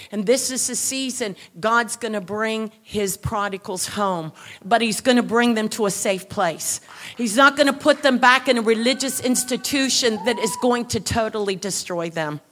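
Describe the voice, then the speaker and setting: High, bright-voiced woman preaching. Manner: animated storytelling, rising to shouted exhortation. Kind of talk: sermon. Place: church service.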